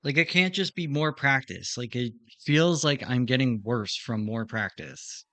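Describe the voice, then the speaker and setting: A man's voice: medium pitch, unhurried, fairly bright tone, no echo. A man streaming himself practicing in a drone racing simulator, muttering to himself and swearing in frustration as he plays. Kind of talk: live gameplay self-talk.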